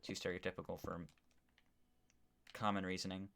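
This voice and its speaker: A man's voice: deep voice, completely flat delivery, normal speed, vocal fry, a bit bright. A man live-streaming a game in a casual, rambling way, reading viewer chat aloud as he plays. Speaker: gaming streamer.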